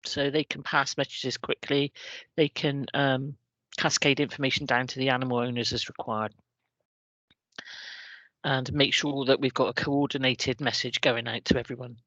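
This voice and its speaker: A middle-aged woman with a West Country English accent gives an informal work presentation, pausing often with ums and restarting her sentences. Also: rumbling low, steady tone, a bit bright, no room sound. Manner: hesitant, many ums and restarts. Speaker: civil contingencies officer presenting. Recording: dry, dull lo-fi recording.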